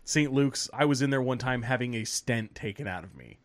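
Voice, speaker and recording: A man in the middle of a long, rambling podcast story, swearing freely and breaking into laughs. He slips into the voices of the people he describes. His voice sits at an ordinary, middle pitch. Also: fairly quick. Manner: animated, swearing, laughing while telling stories, acting out quoted people. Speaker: podcast host. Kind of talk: casual storytelling.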